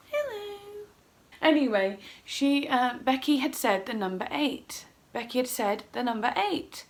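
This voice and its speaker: At home, a middle-aged vlogger whose voice runs on the high side recounts a personal story casually and emotionally, wandering as she talks and acting out her own words.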